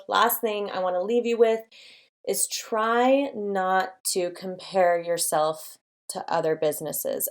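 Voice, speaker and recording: A woman's voice: mid-range voice, a little mellow. A young adult woman hosting her own channel, giving encouraging, chatty business advice to camera with many fillers. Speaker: design studio owner and channel host.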